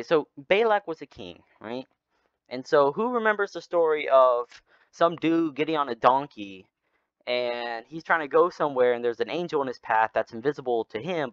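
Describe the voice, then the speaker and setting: A young man leading a casual Bible study, telling the story loosely with lots of asides. His pitch moves lively, and the sound is dry and slightly dull. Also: no room sound. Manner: animated, rambling storyteller.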